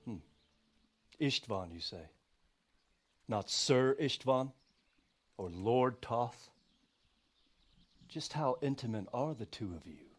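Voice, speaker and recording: An actor playing a stern medieval lord in a video game, speaking in a slow, measured, scornful way. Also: male voice, mid-range voice, lively intonation. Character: stern commanding medieval lord, middle-aged man.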